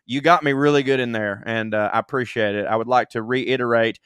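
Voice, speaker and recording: A man's voice: mid-range voice, steady tone, fairly quick, few pauses, fairly bright tone, smooth, no echo, studio quality. A self-deprecating man co-hosting a comedy podcast, reading listener emails aloud with laughs and comic asides. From Southern United States. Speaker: podcast co-host.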